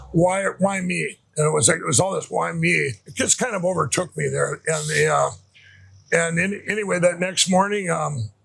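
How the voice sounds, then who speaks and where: A man from Minnesota, a podcast guest, telling his personal faith testimony in a rambling, halting way, full of restarts and fillers. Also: on the high side, creaky, a bit bright, slightly rough.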